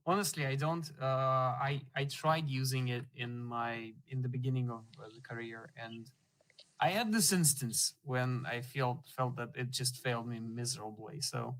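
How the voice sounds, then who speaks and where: A man hosts a relaxed conversation and tells a story about a training session. He acts out the people in it with lively voices, often stopping to restart his sentences. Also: mid-range voice, moderate pace, low-quality recording. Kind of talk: conversational anecdote.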